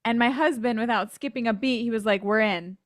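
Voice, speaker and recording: A woman's voice: fairly high pitch, quick pace, dry recording, clean studio sound. An American woman telling her faith story as a podcast guest, earnest and sometimes emotional, acting out the people she quotes. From United States. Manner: earnest storytelling, acts out quoted voices, laughs at herself. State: emotional at times. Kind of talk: faith testimony in an interview.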